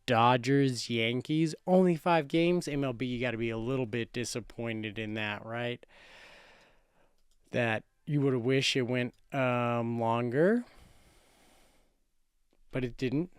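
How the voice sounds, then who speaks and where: A man's voice: medium pitch, slow pace, long pauses, clean tone, dry recording, clean studio sound. A man in his thirties hosting a sports show, making playful, boastful predictions in a casual chat. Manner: boastful, playful, self-correcting.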